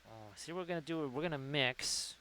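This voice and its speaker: A man's voice: on the high side, expressive, brisk, pushed and bright, a little hiss or hum, rough recording. A man hosting a casual livestream who rambles and reads chat messages aloud. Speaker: livestream host. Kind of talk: casual chat while painting.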